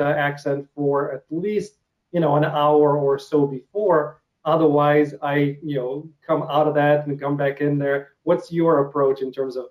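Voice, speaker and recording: A man's voice: a little high, a little mellow, low-quality recording. A man from Ukraine with a Ukrainian accent, Russian his first language, interviewing an actor in a hesitant, filler-heavy casual chat. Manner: hesitant, many filler sounds and restarts.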